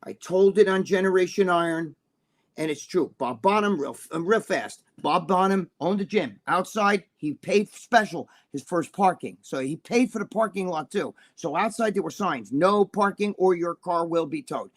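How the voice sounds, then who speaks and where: A man's voice: high-pitched, expressive, moderate pace. Blunt, profane man with a raised voice. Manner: blunt, profane storyteller who keeps checking in with the listener. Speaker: podcast guest. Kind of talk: casual chat on a live-streamed podcast.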